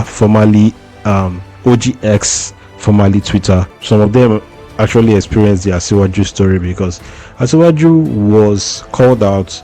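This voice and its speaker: A man's voice: lowish voice, mellow. A man giving casual commentary and reading out posts in a conversational way. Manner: conversational, reads out tweets. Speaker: commentary host.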